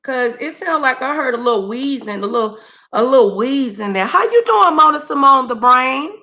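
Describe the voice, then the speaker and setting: Woman live-streaming, slangy and chatty, high bright voice, slow unhurried delivery. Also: lively intonation, lo-fi sound. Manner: chatty, slangy, greets chat by name; scolds her dogs mid-stream. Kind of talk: casual live-stream commentary.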